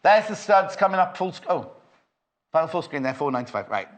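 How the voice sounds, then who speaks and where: Male shopping tv host, northwest england, chatty and teasing, slightly high voice. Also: very animated, fairly quick. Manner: chatty, teasing, reads viewer messages aloud. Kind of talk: live studio chat.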